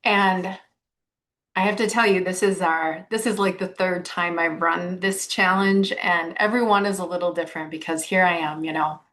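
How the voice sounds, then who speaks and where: A woman coaching on a live stream, bubbly and excitable, greeting viewers as she walks outdoors and talks into a phone. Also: fairly low pitch, moderate pace. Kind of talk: casual live-stream talk. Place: outdoors on a walk.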